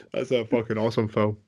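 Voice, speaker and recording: Tipsy, excitable podcast co-host man. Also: medium pitch. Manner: excitable, swears freely, laughs often. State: a bit drunk. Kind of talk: casual chat.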